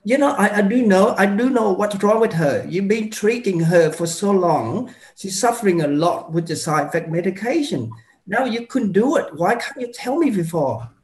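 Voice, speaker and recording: A man's voice: sits high, expressive, moderate pace. A man playing a distraught, demanding mother. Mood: angry, distraught. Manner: loud, insistent, repeating demands. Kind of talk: medical role-play. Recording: roomy echo.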